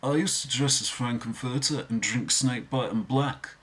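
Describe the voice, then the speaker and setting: A man's voice: mid-range voice, measured pace, a bit bright, voice pushed up, natural voice. A man impersonating an affable 1960s drummer, boasting in a chatty way. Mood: boastful.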